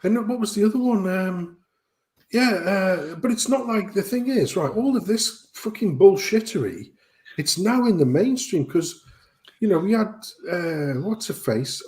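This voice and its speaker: A man in casual conversation on a stream, ranting about things that annoy him. He swears freely. His pitch sits slightly high and jumps around a lot as he gets worked up. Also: expressive, a little slow, darkish tone. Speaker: stream co-host. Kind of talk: casual chat.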